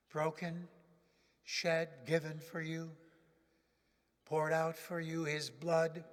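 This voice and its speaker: A male pastor preaching a sermon in a church, swinging dramatically from loud declarations to hushed near-whispers. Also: on the high side, flat delivery, slow pace, long pauses, in a large hall.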